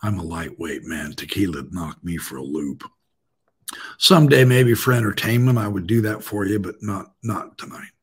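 A man's voice: deep voice, animated, moderate pace, husky. A man hosting a live-streamed podcast, chatting casually and joking with his guest. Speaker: podcast host.

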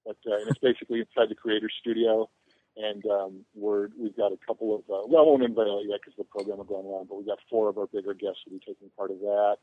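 A fairly low-pitched man with a flat delivery talks fast, with no echo, on a tinny phone line. As a guest on a casual podcast, the convention organizer tells long, wandering stories laced with self-deprecating humor.

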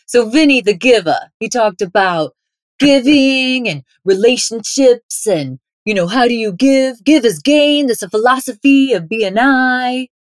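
A woman with a fairly high, expressive voice speaks at a measured pace in a clean studio recording with no echo. She is a podcast interview guest, conversational, upbeat and playful, laughing often.

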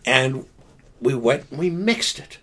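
An older man, a podcast guest, telling stories in a halting, rambling way with many restarts and laughing asides. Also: medium pitch, expressive, a bit bright, slightly rough. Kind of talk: casual storytelling.

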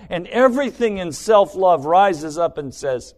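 Slow-talking guy preaching, kinda high voice, lots of dramatic questions. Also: lively intonation, darkish tone. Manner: dramatic, mimics inner voice of self-love; slow, deliberate delivery with rhetorical questions. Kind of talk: sermon.

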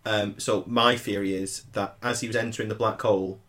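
A man's voice: on the low side, steady tone, fairly quick, a bit bright. A man co-hosting a podcast, chatting casually and laying out his ideas in a thoughtful way. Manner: thoughtful, theorizing. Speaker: podcast co-host. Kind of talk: casual chat.

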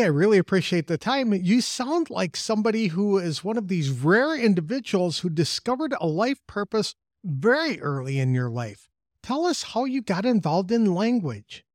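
A man's voice: high voice, a little mellow, dry recording, clean studio sound. An older man hosting an interview podcast, reading an earnest scripted introduction before chatting with his guest. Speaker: podcast host.

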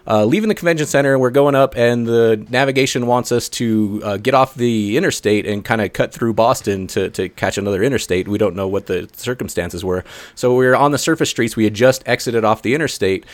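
A man co-hosting a podcast, telling a story in a lively, swearing, filler-heavy way. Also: medium pitch, fairly quick, no echo. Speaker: podcast co-host. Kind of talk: casual podcast chat.

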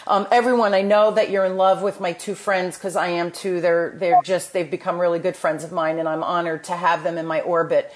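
Woman, New Jersey accent, podcast host, low-pitched, enthusiastic, motivational. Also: flat delivery, a little fast, few pauses. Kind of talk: casual chat.

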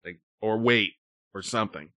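A man with a lowish voice grumbles through his pet peeves in casual chat. He swears freely. The recording is dry, with little room sound. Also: normal speed, sharp tone, dry recording.

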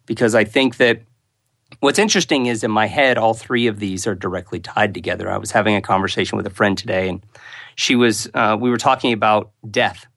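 A man's voice: lowish voice, fairly even intonation, a little fast, gravelly, a bit bright, dry recording. A man speaking as a podcast guest, earnest and open about what he loves to discuss. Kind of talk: conversational interview.

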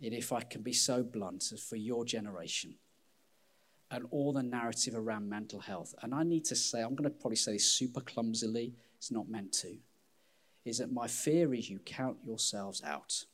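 A man preaching a sermon as pastor, candid and self-deprecating, with an animated delivery. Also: medium pitch, moderate pace.

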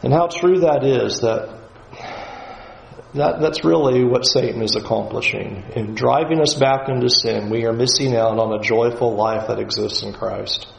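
A man's voice: mid-range voice, normal speed, vocal fry, roomy sound, a little hiss or hum, poor audio. A man giving a Bible lesson in an emphatic way, often acting out the voices he quotes. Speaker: Bible teacher.

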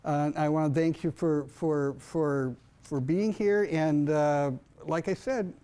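An older male author telling funny family stories to a library audience, animated and laughing as he goes. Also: on the high side, takes it slowly, clear, resonant tone. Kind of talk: storytelling talk to an audience.

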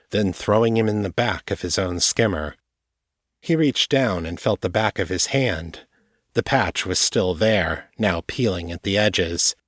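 A man reading his own novel aloud in steady, measured audiobook narration. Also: sits low, no room sound, studio quality.

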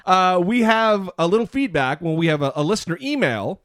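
A man hosting a podcast, teasing and joking through relaxed chat with a lively, swinging delivery and a slightly high voice. The sound is close and dry, with no room around it. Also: fairly quick, dry recording. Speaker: podcast co-host. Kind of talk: casual chat.

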